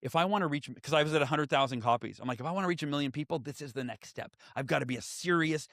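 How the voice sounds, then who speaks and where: Man, 40s, podcast guest, animated storyteller, slightly high voice, dry sound. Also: racing, no room sound. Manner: animated, acts out quoted voices. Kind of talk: storytelling in conversation.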